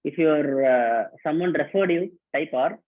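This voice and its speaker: A man's voice: fairly high pitch, moderate pace. Man hosting a tinny online workshop. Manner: casual, repetitive, calls out names and instructions. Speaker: workshop host. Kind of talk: live online workshop, greeting participants. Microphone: online video call. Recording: tinny phone-like call audio.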